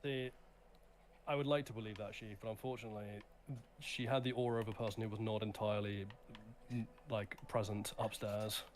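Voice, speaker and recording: A man's voice: fairly low pitch, level tone, a little fast. A man telling a rambling story in casual chat on a gaming stream, leaning heavily on fillers. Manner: rambling, heavy with "like" fillers and restarts. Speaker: livestream guest.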